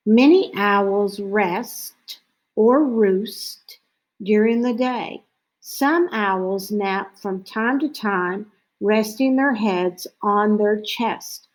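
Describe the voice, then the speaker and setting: A woman reading a picture book about owls aloud as a lesson, slow and clear, now and then mimicking owl calls. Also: mid-range voice, low-quality recording. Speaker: teacher reading to children.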